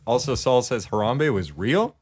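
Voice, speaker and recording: A man's voice: mid-range voice, very animated, normal speed, a little mellow, slight background noise. A man hosting a casual live-stream podcast, reading chat messages aloud and laughing often. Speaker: podcast host.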